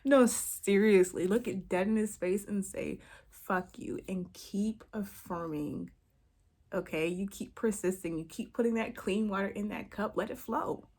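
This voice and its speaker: A woman's voice: medium pitch, a little slow, darkish tone, husky. Blunt, swearing woman coaching on camera. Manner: frank and blunt, swears freely; emphatic, keeps checking in with "okay?". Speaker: manifestation coach. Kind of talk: impromptu casual vlog talk.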